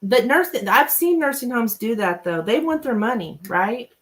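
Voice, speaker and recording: A woman's voice: on the high side, lively intonation, normal speed, a bit bright, poor audio. A woman reading tarot on a live stream, chatting casually with viewers, laughing often and reading their names aloud. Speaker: tarot reader and livestream host.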